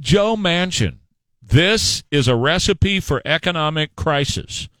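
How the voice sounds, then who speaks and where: Talk radio host, male, combative and mocking, a lively up-and-down delivery in a dry booth. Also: a little high, no echo. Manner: combative and sarcastic, mocking voices of others. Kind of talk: opinionated talk radio commentary.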